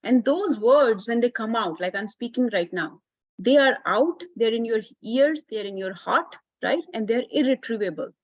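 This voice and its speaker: A woman's voice: on the high side, lively intonation, normal speed, no room sound, dull audio. A woman teaching a children's class, explaining patiently and often checking in with "right?".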